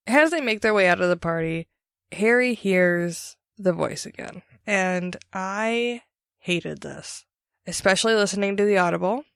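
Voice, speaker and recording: A woman co-hosting a casual podcast about a book, blunt and profane, with quick asides. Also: medium pitch, vocal fry, smooth, no room sound, studio quality. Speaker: podcast co-host. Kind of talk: casual book-discussion chat.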